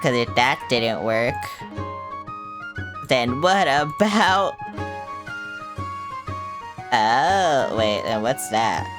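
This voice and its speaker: A woman's voice: extremely low pitch, animated, extremely slow, long pauses, over music. A woman streaming a video game, chattering in a hyper, rambling way and swearing playfully. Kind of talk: casual gaming livestream chatter.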